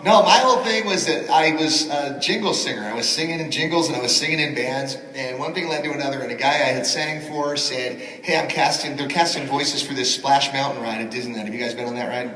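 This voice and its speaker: Fast-talking man telling stories on stage. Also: mid-range voice. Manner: lively storyteller, slips into voices and impressions. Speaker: voice actor on a convention panel. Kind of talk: animated anecdote telling. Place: large convention hall. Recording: echoey hall, miked from far off. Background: audience laughter and crowd.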